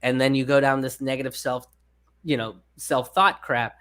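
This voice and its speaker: An animated man chatting as a podcast guest. He tells stories and jumps into the voices of the people in them, and his pitch swings high when he acts out their lines. He swears casually. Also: normal speed, clear, resonant tone. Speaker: comedian guest.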